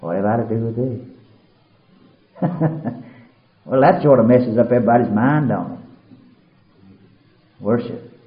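Male preacher, sermon delivery that swings from quiet murmur to loud, high cries, in a roomy, muffled recording. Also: unhurried, long pauses. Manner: swings from hushed and low to soaring shouted peaks.

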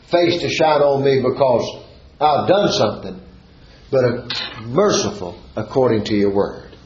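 A man's voice: medium pitch, lo-fi sound. Fervent preacher man, echoey church recording. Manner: fervent, sing-song rising exclamations; reads and expounds scripture verse by verse. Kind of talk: sermon.

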